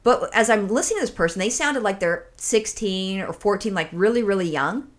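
Speaking briskly at a medium pitch, this podcast co-host is an animated storyteller who curses without restraint and acts out the callers she describes in a casual, high-energy anecdote.

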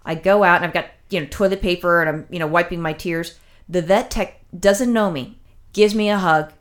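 A woman's voice: on the low side, moderate pace. A woman telling a long personal story in casual chat, rambling with many fillers and restarts, emotional as she recounts it.

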